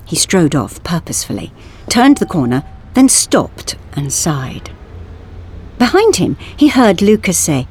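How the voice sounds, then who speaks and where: A woman reading a science-fiction story aloud in a measured, expressive way. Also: lowish voice, breathy edge. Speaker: audiobook reader. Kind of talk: scripted narration.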